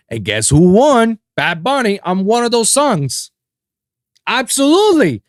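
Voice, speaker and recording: Animated, profane male podcast host. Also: takes it slowly, smooth, no room sound, clean studio sound. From Puerto Rico. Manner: animated, profane, swings between loud outbursts and low mutters. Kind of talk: casual solo podcast rant.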